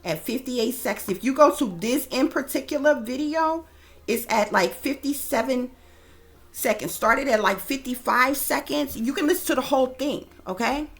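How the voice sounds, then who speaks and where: A woman's voice: high-pitched, moderate pace, vocal fry. A woman psychic reader giving casual, blunt, profane commentary straight to her viewers.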